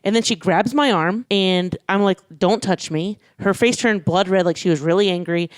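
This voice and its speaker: A man co-hosting a casual podcast, telling a quick, wry story about waiting tables. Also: high-pitched, smooth, dry recording, studio quality. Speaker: podcast co-host, restaurant server.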